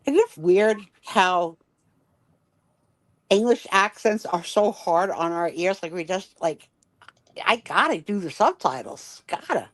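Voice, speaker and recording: A woman chatting casually on a live stream, animated and full of fillers. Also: fairly low pitch, takes it slowly. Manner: animated, lots of "like". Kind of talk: casual chat.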